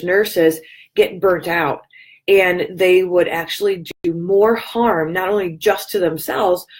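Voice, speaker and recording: A woman speaks casually to her regular viewers in a fairly low voice. Her throat is scratchy and her voice is fading, so she stops to clear it now and then. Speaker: wellness talk host. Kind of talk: casual daily talk to viewers. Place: hotel room.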